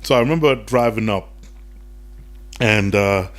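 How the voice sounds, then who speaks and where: A man's voice: lowish voice, unhurried. A young man, a podcast guest, telling his story in casual chat and acting out the voices of people he quotes. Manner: animated, acts out quoted voices.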